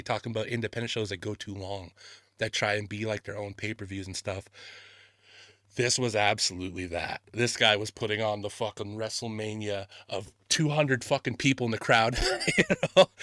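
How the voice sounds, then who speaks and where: A man hosting a podcast, telling stories in casual chat, animated, swearing a lot and laughing often. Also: mid-range voice, no echo, studio quality. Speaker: podcast host.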